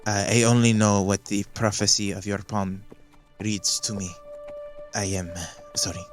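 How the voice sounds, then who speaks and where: A man voicing a slow, cryptic gnome fortune teller woman. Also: on the low side, level tone, faint music behind, natural voice. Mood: apologetic. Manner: slow, stiff speech without contractions. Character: gnomish woman palm reader, cryptic and formal.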